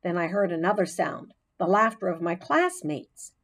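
A woman narrating a children's audiobook in an expressive, unhurried storytelling manner, giving the characters their own voices. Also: on the low side, gravelly, husky.

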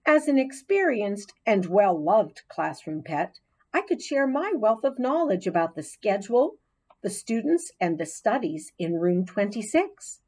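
A woman narrating a children's storybook in the voice of a chatty hamster classroom pet, with expressive storytelling. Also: mid-range voice, measured pace, slightly rough. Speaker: audiobook narrator.

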